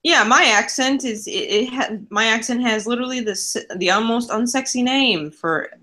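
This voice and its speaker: A woman's voice: on the high side, normal speed, pushed and bright. A woman from Chicago with a nasal Midwestern accent, chatting bluntly and casually as a livestream host. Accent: Midwestern American, Chicago. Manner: blunt, swears freely. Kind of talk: casual chat.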